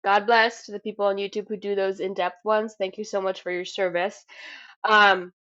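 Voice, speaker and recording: A woman co-hosting a casual podcast, talking in an animated, swearing way and acting out her own reactions. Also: medium pitch, moderate pace. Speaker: podcast co-host. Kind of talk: casual chat. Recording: dull lo-fi sound.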